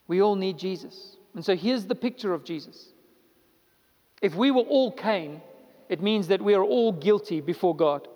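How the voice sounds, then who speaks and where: High-voiced man preaching in a hall. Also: moderate pace, a little mellow, highs cut off. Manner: preaching with rising emphatic repetition. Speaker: pastor. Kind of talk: sermon.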